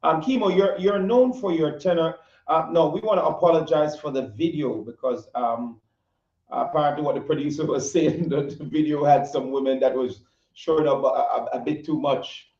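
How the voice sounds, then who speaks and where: Halting male host in an echoey room. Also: a little high, a little mellow, dull audio. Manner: halting, lots of fillers, laughs easily. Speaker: interview host. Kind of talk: hosting an interview.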